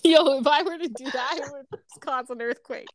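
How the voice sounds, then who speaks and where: A woman in casual chat, telling stories with animated delivery and acting out what other people said. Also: sits high, normal speed, no echo. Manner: animated storytelling, acts out quoted people.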